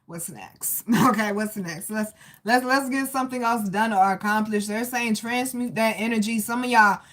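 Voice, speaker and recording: A woman giving a casual live tarot reading, chatty and animated, calling listeners baby and greeting viewers. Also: a little high, normal speed. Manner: loose and animated, laughs and greets chat viewers. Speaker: tarot reader.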